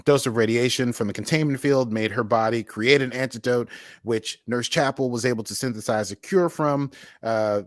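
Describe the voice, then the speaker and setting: A man's voice: mid-range voice, no room sound, clean studio sound. A man from the United States hosting a show, giving a casual, rambling recap of an episode with playful sound effects. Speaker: podcast host.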